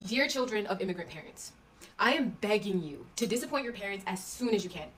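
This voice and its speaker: A woman in her twenties giving a blunt, profane, animated vlog monologue. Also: medium pitch, fairly quick, a little hiss or hum, poor audio. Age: 20s. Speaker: vlogger.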